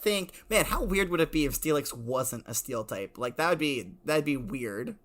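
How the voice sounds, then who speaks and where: Young man, mock professor host, bouncy pitch, playful, laughing. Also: expressive, moderate pace, fairly bright tone. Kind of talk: comedic podcast banter.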